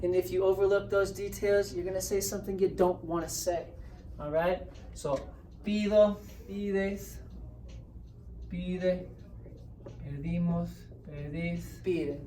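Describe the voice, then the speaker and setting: Brief: patient woman language teacher, low voice, slow delivery, recorded off-mic in an echoey room. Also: fairly even intonation, warm tone. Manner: patient, explaining step by step, checks in with "right?". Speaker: Spanish teacher. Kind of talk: classroom grammar lesson. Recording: roomy echo, distant mic, faint hiss.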